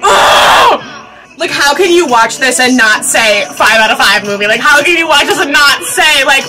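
A woman in her twenties giving a casual movie reaction, gushing and excitable, swearing freely and breaking into shrieks and laughter. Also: high-pitched, normal speed, over a noisy crowd, rough recording. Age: 20s. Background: film soundtrack music.

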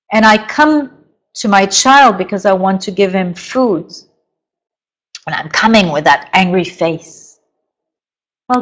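A middle-aged woman coaching parents in a webinar lecture, explaining slowly and deliberately, with emphatic stresses. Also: medium pitch, low-quality recording.

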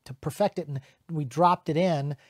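Middle-aged man, voice actor, casual chat, animated, slightly higher pitch, dry close sound. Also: slightly rough, no echo. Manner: animated, breaks into quick character voices and sound effects. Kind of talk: casual reminiscing to camera.

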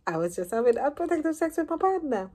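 A woman in her thirties telling a personal story to camera as a vlogger, lively and acting out what each person said. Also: sits high, fast talker. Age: 30s.

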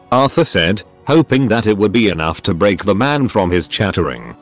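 A man narrates a story in a steady reading voice. His voice sits low and moves with a lively rise and fall. Faint music plays underneath. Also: moderate pace, hardly any pauses.

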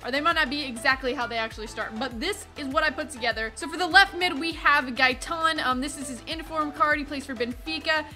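A young woman hosting a gaming video, giving chatty, excitable casual commentary while she plays. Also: high voice, soft background music. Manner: chatty, excitable, quick asides.

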